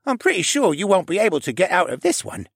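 A man's voice: high-pitched, fast talker, gravelly, husky, no echo, studio quality, pitched above the performer's own voice, exaggerated voice. Man voicing an eager cheeky teenage boy. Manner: excitable, whiny when pinned.

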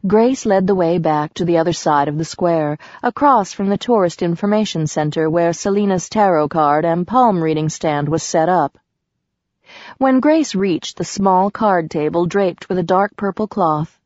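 Woman narrating with a low, dull sound. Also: measured pace, a little mellow, dry recording. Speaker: audiobook narrator. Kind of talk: scripted narration.

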